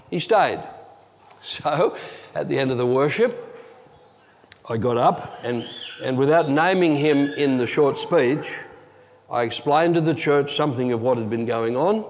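A man preaching a sermon as pastor, telling a story earnestly and dropping to a hush at tense moments. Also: mid-range voice, measured pace, long pauses, slight background noise. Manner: earnest, drops to a hushed tone for dramatic moments. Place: church hall. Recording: long hall reverb.

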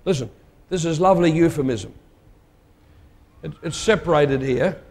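A man's voice: on the high side, moderate pace, a little mellow. Conversational male preacher in a reverberant hall. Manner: conversational, emphatic, asks the listeners questions. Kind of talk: sermon.

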